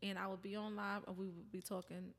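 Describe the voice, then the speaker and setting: A woman's voice: medium pitch, level tone, fast talker. A woman hosting a podcast in casual chat, blunt, teasing and profane. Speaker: podcast host. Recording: roomy reverb.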